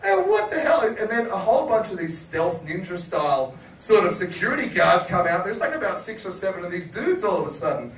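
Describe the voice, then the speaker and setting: A man's voice: sits high, brisk, few pauses, echoey room, distant mic, a little hiss or hum, poor audio. A man on a chat show, telling a story casually, laughing and acting out quotes. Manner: animated, laughing, acts out quotes. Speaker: wrestling chat show guest.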